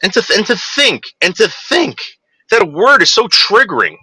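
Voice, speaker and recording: Heated ranting man, bright dry voice. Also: high voice, very animated, normal speed, breathy edge, no echo. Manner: heated, profane, repetitive restarts. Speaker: vlogger. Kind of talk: ranting monologue to viewers.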